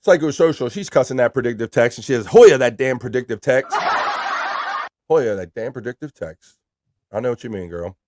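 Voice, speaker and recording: A man's voice: mid-range voice, expressive, fairly quick, very noisy. A man hosting a live stream in casual chat, reading viewer messages aloud in an upbeat, chatty way.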